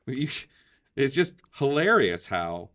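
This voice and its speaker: A man's voice: mid-range voice, very animated, drawn-out words, a bit bright. A man hosting a casual political talk show, chatty, laughing often and using many fillers. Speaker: podcast host.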